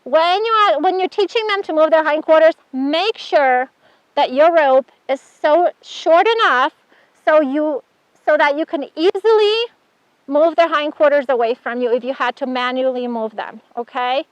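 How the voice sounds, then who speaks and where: Bright, high-voiced woman teaching horsemanship. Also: moderate pace, dry recording, dull audio. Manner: chatty and encouraging, praising the horse often. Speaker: horsemanship instructor. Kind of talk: hands-on outdoor lesson demonstration.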